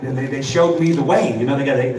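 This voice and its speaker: A man's voice: medium pitch, fast talker, darkish tone, a little hiss or hum. A man from Chicago doing a rambling stand-up set on stage, restarting lines and acting out characters. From Chicago, USA. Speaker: stand-up comedian. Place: live comedy show stage. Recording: echoey room, distant mic, crowd. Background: audience laughter.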